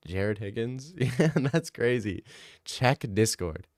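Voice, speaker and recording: A man's voice: mid-range voice, animated, slow pace, darkish tone, a little hiss or hum. A young man from Canada streaming live, reading chat aloud and answering it with sarcastic, laughing banter.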